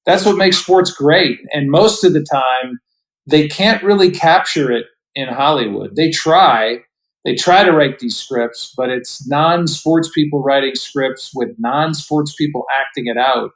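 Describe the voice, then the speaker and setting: A middle-aged man chats as a podcast guest over a remote call. He sounds reflective and unhurried, often restarting sentences as he searches for his words. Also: a little high, rough recording. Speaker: guest broadcaster. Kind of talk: relaxed podcast storytelling.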